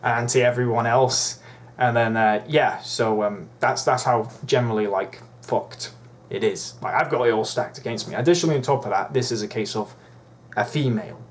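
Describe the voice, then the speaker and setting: A man's voice: mid-range voice, brisk, slight background noise. A young man ranting in a vlog, profane, indignant and rambling. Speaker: YouTuber.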